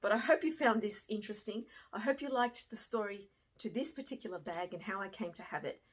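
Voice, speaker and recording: Breathy woman telling a heartfelt story. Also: medium pitch, brisk. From Australia. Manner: animated, swings from hushed to excited. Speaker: fashion vlogger and former teacher. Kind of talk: emotional storytelling to camera.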